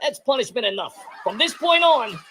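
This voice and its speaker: A performer voicing a brash male president in a parody clip, shouting insults and bragging. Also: high-pitched, very animated, moderate pace, a little hiss or hum, exaggerated voice, poor audio. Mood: scolding. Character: brash blustering male president scolding Congress.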